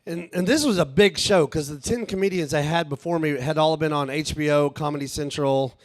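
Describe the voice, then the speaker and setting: A man, telling a profane, animated stand-up story at a live show. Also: on the high side, a little fast, no room sound. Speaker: stand-up comedian. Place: live show with a small audience.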